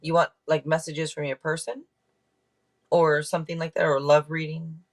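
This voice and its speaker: Her deep voice barely moves in pitch as she talks at a moderate pace, recorded through a camera mic. The woman is hosting a tarot live stream, chatting casually, thanking donors, checking in with chat, and trailing off only to start again.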